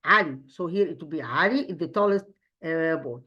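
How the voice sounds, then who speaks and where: A woman teaching an English grammar review lesson, pausing often and repeating herself, asking rhetorical questions as she goes. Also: deep voice, expressive, bright, forceful tone, highs cut off. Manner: hesitant, frequent fillers and restarts.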